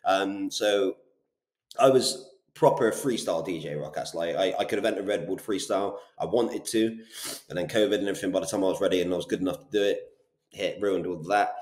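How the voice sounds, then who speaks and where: A young man with a Bristol accent tells his story briskly and with energy, swearing casually. His voice sits a little low. The room gives the recording a noticeable echo. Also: darkish tone. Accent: Bristol English. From Bristol, England. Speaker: guest, property business owner. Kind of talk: casual interview chat. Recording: roomy echo.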